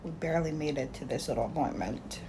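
Low-voiced tired pregnant woman vlogging. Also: fast, noisy background. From Jamaica. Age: 20s. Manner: candid, chatty, unfiltered. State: out of breath, tired. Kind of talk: casual pregnancy vlog.

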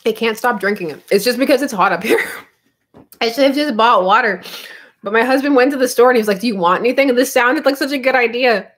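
A woman's voice: a little high, a little fast, a bit bright. A woman in her thirties from Canada with a Canadian accent, chatting casually on her comics livestream, laughing often between chatty asides.

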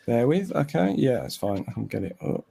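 A mid-pitched male voice chats on a podcast. He answers in a relaxed, low-key way and sounds a little distant from the mic. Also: brisk, gravelly, slightly rough. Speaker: podcast co-host. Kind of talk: casual podcast chat.

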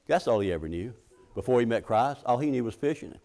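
A man's voice: mid-range voice, lively intonation, fast, darkish tone. A middle-aged man preaching a sermon in a folksy, conversational way, often restarting his sentences and acting out the scripture quotes.

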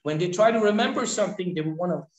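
A man's voice: high-pitched, fast talker, muffled recording. A man from Northeast India giving a training lecture. He repeats key phrases and keeps checking in with "right?". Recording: echoey room.

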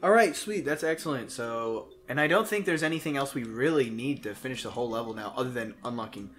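A man's voice: mid-range voice, quick pace, a bit bright. A man co-hosting a video game playthrough, joking and teasing in casual commentary. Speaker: let's play co-host.

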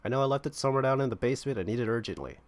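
A man's voice: medium pitch, animated, close to an everyday voice. Man reading as an upset innkeeper. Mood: urgent. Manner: reads quest text aloud quickly. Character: upset male innkeeper who lost his flask.

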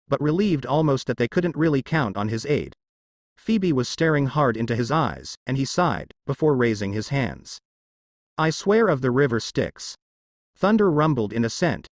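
A man narrating a fanfiction story in a steady, expressive scripted reading. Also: medium pitch, no room sound.

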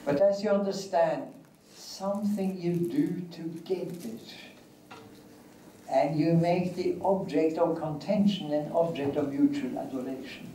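An older man giving an academic lecture, speaking deliberately and repeating key phrases. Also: on the high side, dark tone. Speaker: guest lecturer. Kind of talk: academic lecture answering questions. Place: lecture hall. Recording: echoey hall, distant mic, faint hiss.

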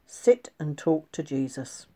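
A woman voicing Martha, a fed-up hardworking woman of the house who complains in a whiny, drawn-out way. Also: sits low, expressive, warm tone, full character voice. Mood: grumbling.

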